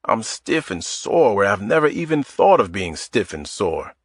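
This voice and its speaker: A wry man in his mid-forties who jokes at his own expense, as a narrator plays him. His voice is low and moves freely up and down. The sound is close and dry. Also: big pitch swings, unhurried, no room sound. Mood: joking. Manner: wisecracking, self-deprecating. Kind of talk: audiobook character voice.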